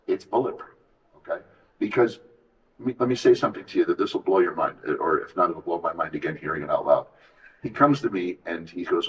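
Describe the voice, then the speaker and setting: A man's voice: low voice, brisk, fairly bright tone, distant mic, rough recording. A man telling his story as an interview guest, candid and emphatic, often acting out what others said to him. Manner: earnest, emphatic, reflective, quotes others in dialogue.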